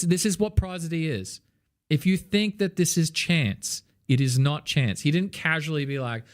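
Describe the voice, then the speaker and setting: A man's voice: a little high, measured pace. A man talking loose as a music teacher. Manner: animated, loose and swearing, many "like" fillers; sings song snippets to demonstrate. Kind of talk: casual livestream song feedback.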